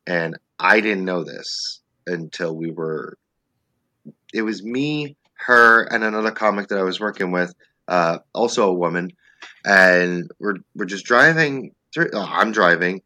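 A male stand-up comedian spins a funny personal story as a podcast guest. His voice is very bright and forceful, and he keeps acting out his own panic in loud, animated bursts. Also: low-pitched, dry recording. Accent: New Jersey.

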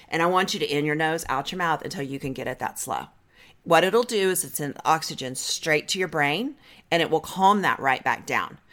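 Woman therapist, lowish voice, lively up and down, blunt practical coaching. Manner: direct, coaching, guides breathing slowly. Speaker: marriage therapist. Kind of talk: advice talk to camera.

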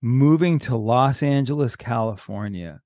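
A man hosting a podcast, asking slow, probing questions. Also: medium pitch, lively intonation, a little mellow, no echo, clean studio sound. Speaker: podcast host. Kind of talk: interview questions.

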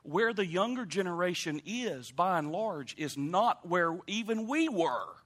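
A man preaching a sermon, emphatic and animated, speaking straight to the congregation. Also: sits high, a little slow. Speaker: pastor.

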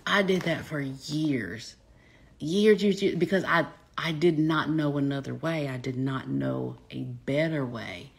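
A woman with a Southern accent, a business coach chatting casually with live viewers in a smooth, folksy way, saying y'all a lot. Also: deep voice, measured pace. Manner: folksy, says y'all often, smooth delivery.

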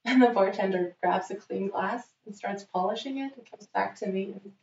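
Animated young woman, sweary storyteller. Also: mid-range voice, normal speed, creaky, slight background noise. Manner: animated, swears freely, acts out quotes. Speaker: guest telling a story. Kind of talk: casual storytelling. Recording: dull roomy recording.

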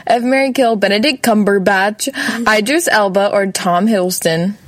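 A woman's voice: medium pitch, moderate pace, no room sound. A young woman guest in a casual chat, teasing her friend and laughing often. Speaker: podcast guest.

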